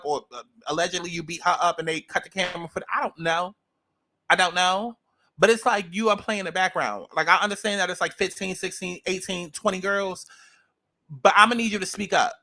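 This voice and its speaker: High-voiced sassy New man. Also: bright, forceful tone. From New York. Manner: blunt, profane, sassy. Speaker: reality show reviewer. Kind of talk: ranting commentary.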